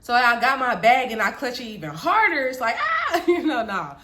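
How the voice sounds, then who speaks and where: A woman vlogger telling her childhood story in casual chat, animated, laughing often and calling her viewers y'all. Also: a little high, a little fast.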